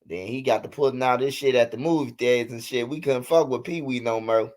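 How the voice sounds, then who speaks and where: Male streamer, thirties, loose and profane, mid-pitched, casual off-the-cuff chat. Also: a little fast, a little mellow. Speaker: livestream host.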